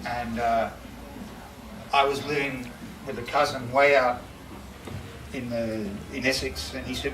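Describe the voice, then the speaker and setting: A man's voice: medium pitch, flat delivery, unhurried, fairly bright tone. Middle-aged man in an echoey room. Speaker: speaker at a memorial. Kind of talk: memorial speech. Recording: echoey room, distant mic, background noise.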